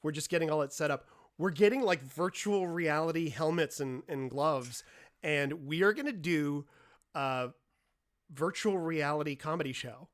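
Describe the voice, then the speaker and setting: A man hosting a casual comedy chat show, chatty and animated as he plugs things and banters with guests. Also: a little high, moderate pace.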